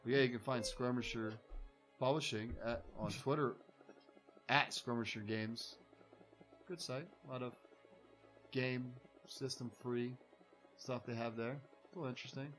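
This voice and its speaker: A man running a tabletop game as dungeon master, calling rolls and damage in a relaxed, matter-of-fact way. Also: medium pitch, measured pace, pauses often, faint music behind, low-quality recording.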